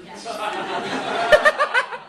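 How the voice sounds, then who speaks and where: Woman doing stand-up, deadpan jokes, bouncy voice, echoey distant mic in a noisy club. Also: very high voice, very slow. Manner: deadpan punchlines, mock-regal put-on voices. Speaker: stand-up comedian. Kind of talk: stand-up comedy set. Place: comedy club stage with audience. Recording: echoey club heard from afar with crowd noise.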